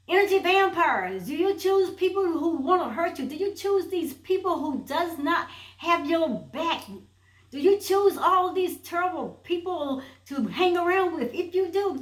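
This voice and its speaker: A woman's voice: very high voice, expressive, unhurried, reverberant, low-quality recording. A woman giving an emphatic motivational talk, repeating rhetorical questions and building to a point. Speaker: inspirational speaker. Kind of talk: motivational preaching monologue.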